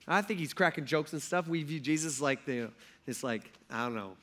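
A man's voice: a little high, moderate pace. A man preaching a sermon in a casual, conversational way, acting out quotes as he talks. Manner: conversational and animated, acts out quotes. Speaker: pastor.

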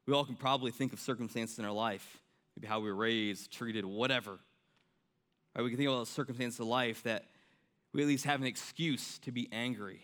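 Young guy preaching, bright crisp voice, keeps saying right? and repeating himself. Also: medium pitch, fairly quick. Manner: earnest preaching, repeats key lines, many fillers like "right?" and "I mean". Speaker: pastor. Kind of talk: sermon.

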